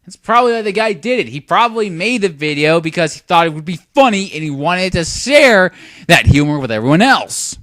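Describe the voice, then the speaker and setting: A man's voice: high-pitched, very animated, brisk, fairly bright tone, dry recording, studio quality. A young man giving a lecturing, sarcastic commentary rant on a video. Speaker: YouTube commentator.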